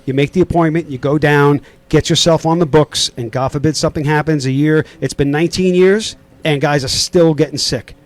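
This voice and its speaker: A man's voice: a little high, steady tone, brisk, hardly any pauses. A middle-aged man from Queens with a New York accent, hosting a casual podcast interview and rambling with lots of fillers and restarts. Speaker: podcast host.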